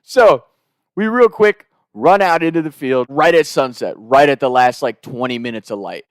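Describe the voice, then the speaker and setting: A man's voice: medium pitch, lively intonation, moderate pace, dry recording, clean studio sound. A man casually telling a comic story, rambling and profane, laughing between his lines.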